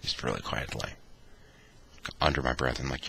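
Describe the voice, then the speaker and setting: An extremely deep-voiced man tells a wry personal story with mock-dramatic flair. His gravelly, husky voice has a bright, forceful edge, and his pitch swings widely as he acts out the scene. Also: animated, brisk, pauses often. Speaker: vlogger. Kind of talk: anecdotal storytelling.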